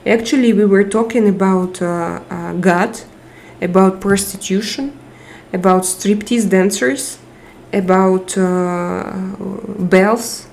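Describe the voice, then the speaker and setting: Woman live stream host, tired, unhurried speech, emotional thanks to chat. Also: medium pitch, a little hiss or hum. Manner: warm, emotional, reads out chat names and thanks viewers. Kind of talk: casual live chat with viewers.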